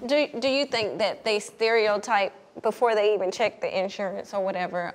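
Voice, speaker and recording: A woman's voice: medium pitch, normal speed, few pauses. A woman guest on a candid panel talk, speaking in a thoughtful, questioning way.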